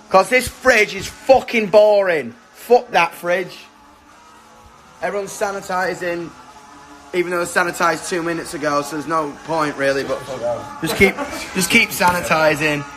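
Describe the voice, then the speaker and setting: A young man chatting casually on a phone livestream from his kitchen, excitable, swearing a lot and shouting to his friends. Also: high-pitched, rough recording. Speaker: musician hosting a livestream. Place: kitchen at home. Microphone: phone camera.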